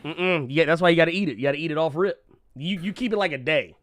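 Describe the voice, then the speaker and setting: A man's voice: fairly high pitch, quick pace. A man co-hosting a casual live comic-book podcast, joking in AAVE and laughing often while reading viewer messages. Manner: laughs often, animated, slangy. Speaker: podcast co-host reading super chats. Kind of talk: casual comedic banter.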